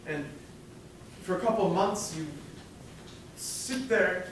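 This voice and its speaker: Brief: man playing a chatty stage narrator, higher lively voice, distant echoey hall. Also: takes it slowly, slight background noise. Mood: confiding. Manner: chatty, confiding, rambling asides to the audience. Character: wistful middle-aged man narrating his favorite musical record. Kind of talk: stage musical performance.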